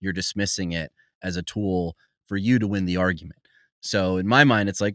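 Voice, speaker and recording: A man hosting a podcast conversation, measured and explanatory, laying out his reasoning step by step. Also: low-pitched, dry recording, clean studio sound. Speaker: podcast host.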